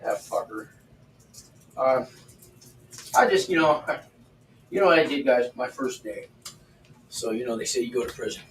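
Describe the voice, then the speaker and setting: A man's voice: medium pitch, expressive, normal speed, pauses often, recorded from a distance. Older man, blunt and profane, off-mic. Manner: blunt, profane, chatty, laughs at own stories. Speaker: livestream host. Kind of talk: casual storytelling while cooking. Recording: roomy, off-mic with faint background noise.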